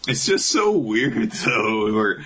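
Husky low-voiced man recapping with jokes. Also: big pitch swings, slow pace, a bit bright, low-quality recording. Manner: joking, laughs often, swears. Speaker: podcast co-host. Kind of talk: casual comedic recap chat.

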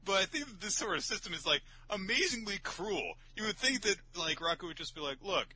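A man's voice: sits high, very animated, brisk, pushed and bright, slightly rough, rough recording. A young man co-hosting a casual manga podcast, laughing often, swearing, and mimicking characters as he recaps. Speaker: podcast co-host.

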